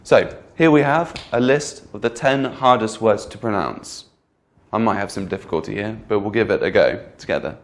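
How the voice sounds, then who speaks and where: A man teaching English pronunciation in a clear, patient lesson, repeating example words and checking in with the learner. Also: fairly low pitch, animated, moderate pace, a little hiss or hum. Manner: patient, repeats each example word twice; addresses the learner directly with frequent "okay?". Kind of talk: slow, clear instructional lesson.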